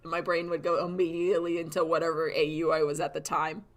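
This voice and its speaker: A woman's voice: low voice, completely flat delivery, fast talker, faint music behind. Giggly, sarcastic young woman streamer. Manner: giggly, sarcastic, laughs often; acts out quoted voices. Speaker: streamer chatting while drawing. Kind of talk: casual livestream chat.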